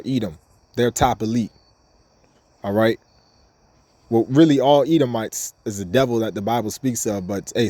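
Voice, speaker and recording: A man leads an informal scripture lesson in a warm, mellow voice at a middling pitch. He talks loosely and repeats himself, stopping to read verses aloud. The sound is dry and close, with no room around it. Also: no room sound. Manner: casual, repetitive, restarts often, reads verses aloud. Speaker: bible teacher.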